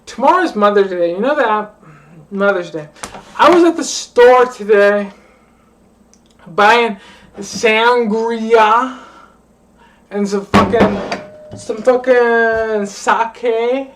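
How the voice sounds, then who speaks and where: A woman's voice: on the high side, extremely slow, long pauses. Drunk young woman rambling off-mic. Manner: slurring, profane, repeats a phrase over and over. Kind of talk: rambling late-night vlog rant. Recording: voice distant from the mic.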